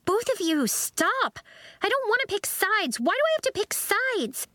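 A woman doing a distressed girl, high and pleading. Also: very animated, unhurried, pushed and bright, no echo, heavily acted. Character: torn young girl, caught between friends.

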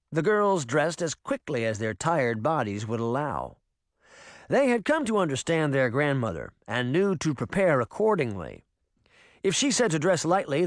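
Male audiobook narrator, expressive and animated reading, dry studio recording. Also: medium pitch, no room sound. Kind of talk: scripted narration.

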